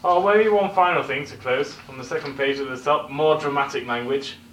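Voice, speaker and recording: A man teaches a classroom lesson with a bright, ringing tone. The recorder sits at a distance in an echoey room, and there is faint ambience behind him. He explains each word patiently and keeps checking in with his students. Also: medium pitch, fairly quick, a little hiss or hum. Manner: explaining, checks in with tag questions. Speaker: English teacher.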